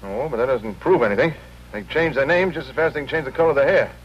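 A man's voice: mid-range voice, lively intonation, racing, natural voice. A man playing a wisecracking hotel clerk. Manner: dismissive, wisecracking. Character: brisk, cynical male hotel clerk. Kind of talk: 1950s TV drama acting. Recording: dull 1950s TV audio with faint hiss.

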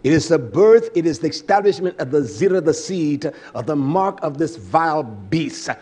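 Fiery preacher with a fairly high voice. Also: male voice, lively intonation, moderate pace, husky. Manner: fiery, swinging from loud shouts to low mutters; blunt, salty language. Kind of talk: sermon.

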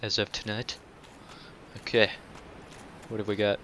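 A man doing casual let's-play commentary, cursing and taunting enemies, dropping to mutters and then breaking into loud outbursts. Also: lowish voice, flat delivery, measured pace, a little hiss or hum. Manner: profane, talks back to enemies, swings between mutters and outbursts. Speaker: gameplay commentator.

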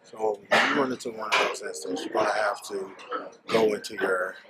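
A man's voice: fairly low pitch, steady tone, normal speed, heavy background noise. A man talking casually to camera in a fitness vlog, chatty and full of restarts. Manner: chatty, restarts and self-corrections. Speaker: fitness vlogger. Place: car and busy gym.

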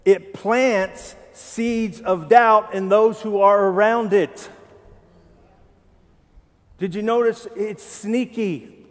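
A man's voice: high-pitched, fairly even intonation, slow, long pauses, in a large hall. A male pastor preaching a sermon in a conversational way, often putting questions to the congregation. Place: church sanctuary.

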